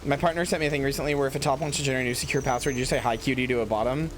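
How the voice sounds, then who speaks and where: A man's voice: mid-range voice, fairly even intonation, racing, slight background noise. A man streaming a game in casual commentary, rambling with many fillers and swearing into a headset mic.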